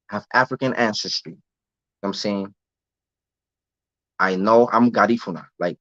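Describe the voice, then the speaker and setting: A man's voice: lowish voice, fairly bright tone, no echo. A young American man in a casual live-stream rant, talking loose street slang and repeating himself. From United States. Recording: dull lo-fi dry sound.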